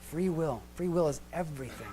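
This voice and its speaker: A man's voice: fairly high pitch, lively intonation, brisk, dark tone, slight background noise. A middle-aged man giving a lecture-style sermon in a church hall, talking conversationally with restarts and asides. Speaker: church speaker.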